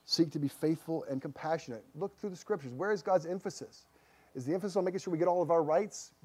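A man preaching a sermon earnestly, swinging from emphatic declarations to quiet, hushed asides. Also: a little high. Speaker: pastor.

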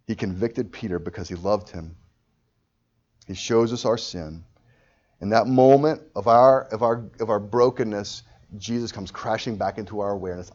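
A man preaching a sermon with passion, his voice swelling loud at high points. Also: slightly rough, highs cut off. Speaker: pastor.

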